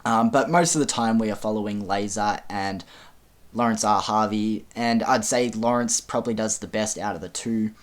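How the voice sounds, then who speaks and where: A man's voice: fairly low pitch, moderate pace. A man giving a casual film review, speaking frankly with frequent ums and casual swearing.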